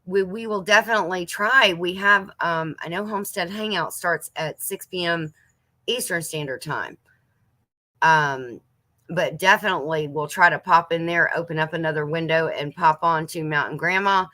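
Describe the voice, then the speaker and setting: Low, bright-toned chatty woman host. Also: normal speed. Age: 50s. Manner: chatty, reads viewers' comments aloud and answers them. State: coughing now and then. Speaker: livestream host reading chat comments. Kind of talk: casual chat.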